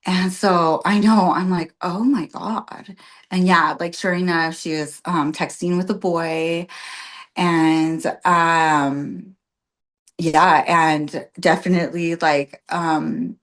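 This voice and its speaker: A woman in her thirties, a podcast guest, telling a personal story in a casual, animated way, full of "like" and "um", often laughing and getting emotional. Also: on the low side, takes it slowly. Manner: animated, heavy on fillers like "like" and "um". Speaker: podcast guest, birth worker.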